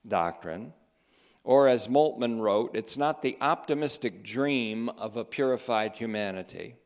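A man delivers theology commentary at a slow, deliberate pace. His tone is emphatic and sardonic, and he slows further to stress quoted passages word by word. His voice sits at an ordinary middle pitch. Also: lively intonation. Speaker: teacher of a theology group.

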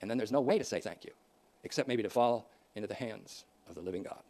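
A man preaching a sermon, swinging from loud emphatic declarations to soft, quiet asides. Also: on the low side, animated, fast talker. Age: older.

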